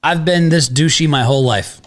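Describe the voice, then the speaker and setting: High, animated man hosting a betting podcast. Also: normal speed. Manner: animated, hedging, laughs easily. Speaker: sports betting podcast host. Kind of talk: casual podcast banter.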